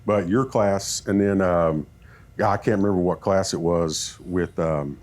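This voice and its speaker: A man who coaches football, telling animated stories in a podcast chat and acting out what people said. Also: sits low, measured pace. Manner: animated storyteller, acts out quoted talk.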